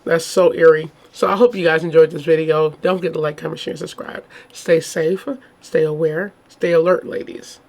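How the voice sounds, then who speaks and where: A woman's voice: low voice, fairly even intonation, moderate pace, gravelly, hardly any pauses, a little mellow. A woman hosting a true crime channel who reads a case report and then reacts in casual, indignant chat full of rhetorical questions. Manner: casual, chatty, addresses viewers as y'all.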